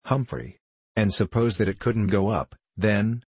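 A cheerful, devoted young manservant, as a narrator puts him on, earnest and eager in every word. The voice is low and a little husky, recorded close and dry for a storybook reading. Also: male voice, fairly even intonation, measured pace, a little mellow, no room sound. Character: cheerful loyal young male servant.

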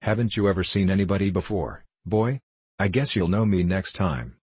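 Sharp-tongued stout farm wife, deep dry voice; a man reads her. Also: moderate pace, breathy edge, no echo. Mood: brusque. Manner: blunt, brusque.

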